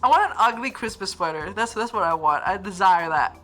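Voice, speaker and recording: Lively, bright-voiced Northern Irish woman. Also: medium pitch, brisk, soft background music. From Northern Ireland. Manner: giggly, rambling with frequent restarts. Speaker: livestream host. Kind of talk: casual chat reading viewer comments.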